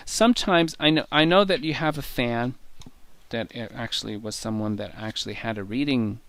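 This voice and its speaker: A man's voice: mid-range voice, moderate pace, fairly bright tone. A man being interviewed as a guest tarot reader, explaining his decks in an enthusiastic, rambling way. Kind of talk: conversational show-and-tell interview.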